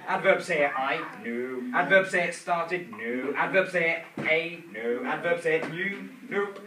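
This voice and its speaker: A man's voice: fairly high pitch, expressive, measured pace. A man teaching a primary school grammar lesson, drilling a repeated chant in call-and-response style. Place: school classroom. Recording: echoey room, far from the mic, noisy.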